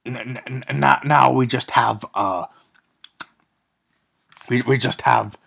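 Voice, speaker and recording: A man's voice: mid-range voice, a little slow, creaky, a bit bright. A man giving a casual, sarcastic recap of a movie, rambling with many stumbles and restarts. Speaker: movie reviewer.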